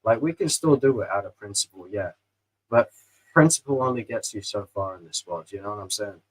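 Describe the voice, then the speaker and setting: A man's voice: fairly low pitch, fairly quick, husky, poor audio. A man, co-hosting a livestream chat and ranting about beer politics in an opinionated way. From England. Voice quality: opinionated, ranting, fillers like "you know". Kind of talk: casual chat over beers.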